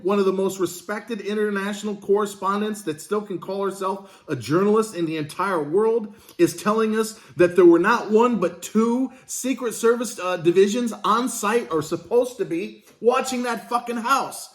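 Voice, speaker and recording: Guy with a high voice going off in a commentary rant, lots of questions, swears a bit. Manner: emphatic, rhetorical questions, profane. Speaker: business channel host. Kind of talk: political commentary monologue.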